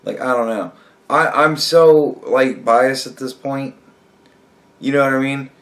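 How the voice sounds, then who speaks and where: A man rambles through a casual reaction rant at his desk, swearing freely and sounding worn out. His voice sits in an ordinary middle pitch. He often breaks into laughter. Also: unhurried, fairly bright tone. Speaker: commentary vlogger.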